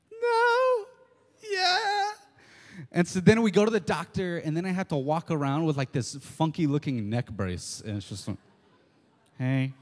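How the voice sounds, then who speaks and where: Male preacher, lively storytelling sermon, repeats points for emphasis, long hall reverb. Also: medium pitch. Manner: animated storytelling, acts out quotes, repeats key lines.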